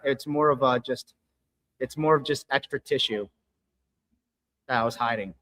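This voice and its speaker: A man telling stories in an animated, profane way during a casual live podcast chat, recorded at a gym. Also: mid-range voice, moderate pace, slight background noise, low-quality recording. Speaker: gym owner and regular co-host.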